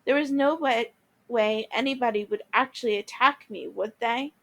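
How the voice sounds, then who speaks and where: A teacher reading a novel aloud to listeners, with small restarts and repeated words along the way. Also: female voice, on the high side, normal speed, gravelly, a bit bright. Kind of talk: read-aloud storytelling.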